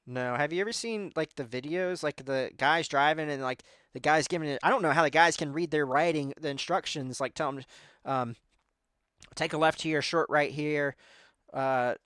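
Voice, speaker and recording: A man's voice: a little high, brisk, a bit bright, clean tone, dry recording, clean studio sound. A man in his thirties hosting a podcast in casual chat, rambling with lots of filler words. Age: 30s. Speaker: podcast host.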